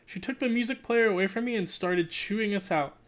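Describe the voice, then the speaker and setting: A channel host reads a children's novel aloud in one relaxed, unedited take, using a mid-range voice at a fairly quick pace. As an amateur reader, they restart stumbled words, correct themselves, and break off between passages for joking, offhand comments.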